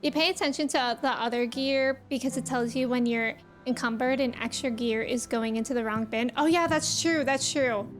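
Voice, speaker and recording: A woman's voice: on the high side, moderate pace, few pauses, soft background music. A young woman streaming a game, thinking aloud in a chatty, casual way. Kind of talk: live game commentary.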